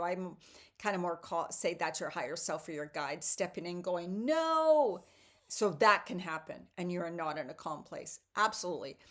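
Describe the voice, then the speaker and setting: A woman talking casually in a daily morning video, giving a tarot reading and guiding a calm breathing exercise. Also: lowish voice. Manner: warm, chatty, slows into soothing guided breathing. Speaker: spiritual vlogger doing tarot readings. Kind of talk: casual morning talk and guided meditation.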